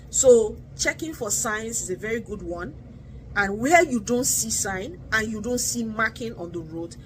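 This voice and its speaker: A woman chats to her viewers in a relaxed, earnest vlog, sprinkling her talk with "you know" and "like". Her voice sits at a middle pitch. A faint hiss runs under the recording. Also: rough recording. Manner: chatty, earnest, frequent fillers like "you know" and "like". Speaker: vlogger sharing driving test advice. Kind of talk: casual talking-to-camera vlog.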